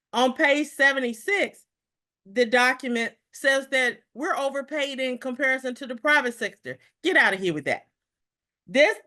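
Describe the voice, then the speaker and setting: A middle-aged woman leading a live discussion as the president of a federal employee group, talking fast and excitedly and tripping over repeated words. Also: a little high. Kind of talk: live online discussion briefing.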